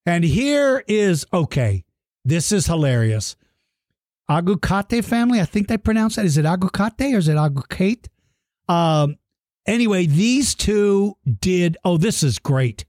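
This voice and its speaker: A playful, animated man hosts a podcast for young dinosaur fans, with a fairly high voice. He reads out listener messages and teases the kids in a mock gruff way. The sound is dry and close. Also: a little slow, dry recording. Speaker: podcast host. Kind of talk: casual shout-outs to young listeners.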